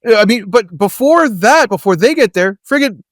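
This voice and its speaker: A man's voice: sits high, lively intonation, moderate pace, no echo, clean studio sound. Joking man in podcast banter. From Canada. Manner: joking, laughs often, wry asides. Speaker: podcast co-host. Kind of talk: casual movie podcast chat.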